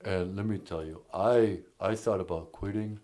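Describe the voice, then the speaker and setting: A man doing a comic impression of a gruff tough-guy boxer calling in to the show. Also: low voice, steady tone, moderate pace, a little mellow, natural voice. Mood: swaggering. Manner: mumbled street slang, "hey, yo".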